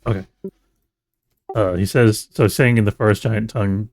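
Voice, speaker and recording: A man with a slightly low voice narrates a tabletop role-playing game as game master. He describes scenes richly and stumbles over words with fillers now and then. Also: fairly even intonation, normal speed, long pauses, a little mellow.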